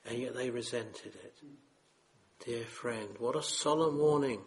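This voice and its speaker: Male preacher, unhurried sermon, earnest pleading tone, mid-pitched. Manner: earnest, solemn, pleading with listeners.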